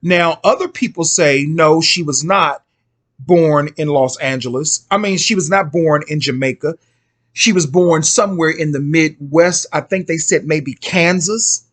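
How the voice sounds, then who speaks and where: A man's voice: fairly high pitch, unhurried, a bit bright. A middle-aged man hosting a casual, rambling commentary monologue, full of slangy asides. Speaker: host.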